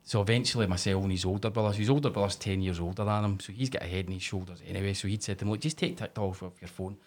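Casting: middle-aged Glaswegian man, husky, rapid-fire, sweary storyteller. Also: fairly low pitch. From Scotland. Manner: sweary, animated storytelling with put-on voices. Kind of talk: casual chat.

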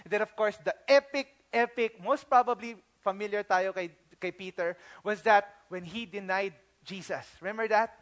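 High-voiced Filipino pastor, animated sermon. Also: male voice, normal speed, hardly any pauses. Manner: animated storytelling, acting out quotes; mixes English with Tagalog phrases.

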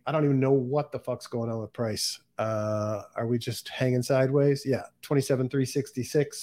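A man hosting a casual livestream on his own, thinking aloud in a rambling, distracted way with lots of fillers. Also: medium pitch. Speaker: crypto livestream host. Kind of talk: casual solo livestream chat.

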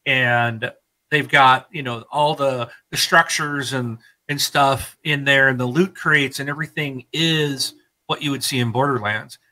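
A man's voice: medium pitch, a little slow, rough recording. A man in his thirties co-hosting a casual gaming chat, rambling and laughing as he talks. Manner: rambling, animated, laughs often. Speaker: podcast co-host.

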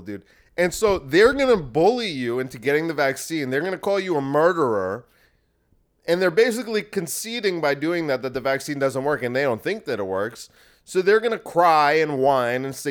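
A man's voice: mid-range voice, animated, moderate pace. A man hosting a podcast, talking in a rambling, crude and sarcastic monologue with frequent restarts. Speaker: podcast host. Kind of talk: casual monologue.

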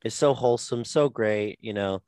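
A man's voice: on the low side, moderate pace, a little mellow, smooth, dry recording. A man co-hosting a casual chat, talking with enthusiasm and rambling a little. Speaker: podcast co-host.

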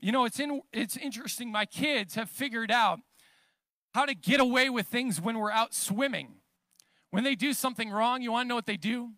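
A man's voice: very high-pitched, normal speed, bright, forceful tone, dry recording. A pastor in his thirties preaching a sermon, talking conversationally and then building into emphatic declarations.

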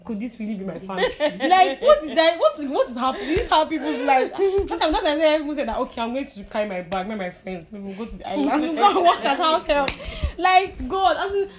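A woman's voice: high voice, big pitch swings, quick pace, hardly any pauses. A young Nigerian woman telling stories in a casual chat. She mixes in pidgin and laughs often. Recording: crowd chatter in the background.

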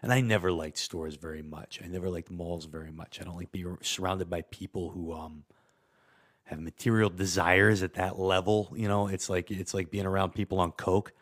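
A man talking as a patient in an improvised therapy session, rambling and halting, with frequent swearing. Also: low-pitched, fairly even intonation, a bit bright.

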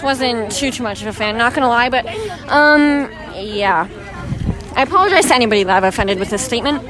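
A woman's voice: fairly high pitch, low-quality recording. An eighteen-year-old woman from Alberta, a bubbly, giggly podcast guest. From Alberta, Canada. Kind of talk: casual chat.

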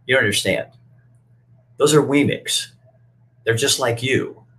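A man's voice: medium pitch, measured pace, bright, forceful tone, voice pushed up, rough recording. A man voicing a wise, kindly old toy maker who speaks patiently and reassuringly.

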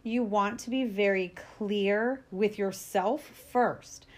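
A woman's voice: mid-range voice, slow. A woman giving casual parenting advice, chatty and upbeat, with filler words and small laughs, acting out what parents and kids might say. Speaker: parenting educator.

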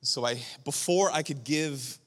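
Animated pastor in a reverberant hall. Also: male voice, a little high, measured pace. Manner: animated, emotional storytelling with laughs. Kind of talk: sermon storytelling.

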